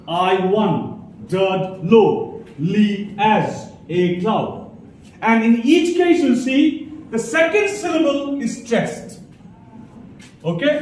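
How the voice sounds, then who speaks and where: A man's voice: high voice, a little mellow, slight background noise. A man teaching a class on poetic meter, explaining step by step and checking in with his students as he goes. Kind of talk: classroom lecture on poetry. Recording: echoey room, distant mic.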